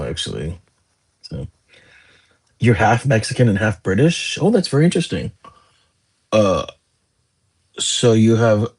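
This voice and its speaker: Man, casual live chat, rambling, slightly low voice, breathy. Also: darkish tone. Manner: rambling, chatty, answers viewer questions. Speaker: livestream host.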